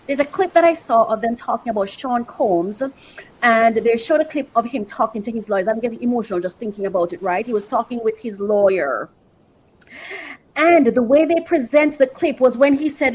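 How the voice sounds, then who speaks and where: A woman with a fairly high voice hosts a podcast and delivers opinionated commentary. She hammers her points home, repeating phrases for rhythm and tossing in affectionate asides to her listeners. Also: lively intonation, normal speed, husky, rough recording. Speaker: podcast host.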